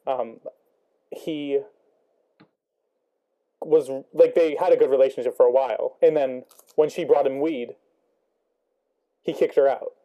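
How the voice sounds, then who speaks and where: A man's voice: mid-range voice, fairly even intonation, unhurried, long pauses. Rambling young man, lo-fi sound. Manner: thinking aloud, many ums and rights. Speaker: student discussing a book. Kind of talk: casual book discussion.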